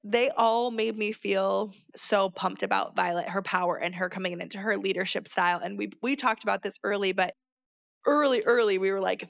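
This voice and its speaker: A woman co-hosting a podcast, talking casually and with animated, exasperated asides. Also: mid-range voice, moderate pace, gravelly, dry recording. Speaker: podcast co-host. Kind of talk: casual book discussion.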